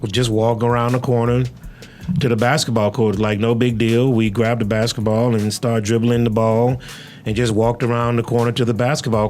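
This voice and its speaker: A man's voice: medium pitch, a little mellow. Chatty podcast host, man. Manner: chatty, searches for words with many fillers. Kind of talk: casual interview chat with storytelling.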